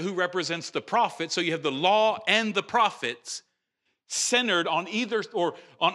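A man preaching a sermon in an animated, conversational way, restarting phrases and rising in pitch and volume for emphasis. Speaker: pastor.

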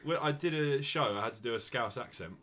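A man's voice: mid-range voice, a little fast, fairly bright tone, a little hiss or hum. A young man from London co-hosting a comedy podcast, telling stories in loose banter. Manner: storytelling banter with put-on voices. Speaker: podcast co-host. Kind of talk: casual comedy podcast chat.

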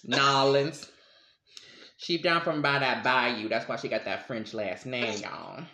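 A man co-hosts a casual podcast, talking with emphatic energy, slang and quick laughs. His voice is bright and forceful, and the echoey room rings around it. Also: medium pitch, fairly even intonation. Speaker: podcast co-host. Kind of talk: casual conversational chat.

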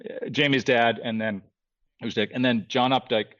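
A man telling a story on a podcast with an animated, restless delivery, often restarting his sentences. His voice sits at an ordinary middle pitch. The recording sounds a little dull and lo-fi. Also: moderate pace. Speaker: guest artist.

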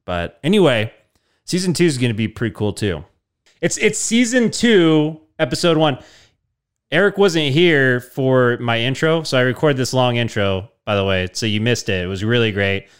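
A man telling a long, rambling comic story in a deadpan tone. He trips over words and fills gaps with likes and ums. His voice is smooth and clear at an ordinary pitch. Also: normal speed. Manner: rambling, deadpan, full of fillers. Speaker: podcast host. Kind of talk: casual comedic storytelling.

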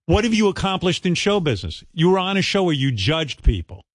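A male radio host ranting in a profane, mocking way, with a mid-pitched voice that swings widely up and down. The sound is close and dry, with no room around it. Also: very animated, a little fast, no room sound. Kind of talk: casual radio talk. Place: radio studio.

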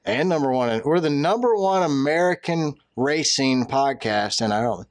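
A man co-hosting a racing podcast, playful and quick to laugh in casual chat. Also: mid-range voice, animated. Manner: playful, laughs at his own jokes. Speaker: podcast co-host.

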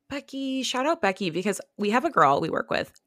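A woman's voice: mid-range voice, very animated, fairly bright tone, no echo, studio quality. A young American woman co-hosting a podcast, chatting casually and gushing with lots of "like" asides. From United States. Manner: gushing, filler-heavy, quick asides. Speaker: podcast co-host. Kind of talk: casual chat.

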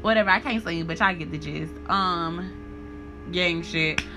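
A woman's voice: fairly low pitch, a little slow, bright, forceful tone, soft background music. A woman hosting a podcast and giving a casual review of a horror movie, swearing, using heavy slang and laughing often as she talks. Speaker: podcast host.

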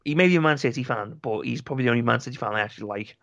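A man's voice: medium pitch, rapid-fire, creaky, fairly bright tone, dry recording. A man co-hosting a football podcast, chatting casually in a sarcastic, ranting way and often repeating words as he starts a sentence. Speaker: podcast co-host. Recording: slightly dull lo-fi mic.

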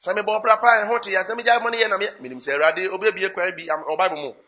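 Bright high-voiced man preaching. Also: fairly even intonation, racing. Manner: switches between English and Twi, dramatic swings in pitch and volume. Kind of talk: sermon with interpreter.

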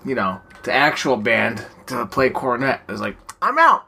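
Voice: mid-range voice, normal speed, gravelly, sharp tone. A podcast co-host in casual chat, making dry, sarcastic asides and swearing casually.

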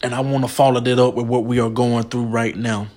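A man's voice: mid-range voice, flat delivery, fairly quick, a little mellow. A man preaching a sermon with emotional, emphatic delivery. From United States.

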